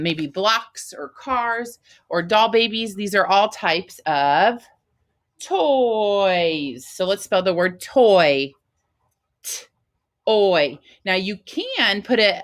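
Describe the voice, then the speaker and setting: A woman teacher giving a phonics lesson to first graders, talking slowly and patiently in a sing-song teacher voice. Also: mid-range voice, a bit bright. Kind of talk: phonics lesson for young children.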